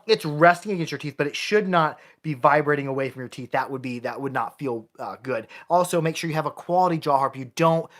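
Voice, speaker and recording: A man's voice: mid-range voice, a bit bright. A man, a jaw harp player and maker, giving a casual live-streamed lesson and often restarting his sentences. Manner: casual, chatty, with frequent restarts.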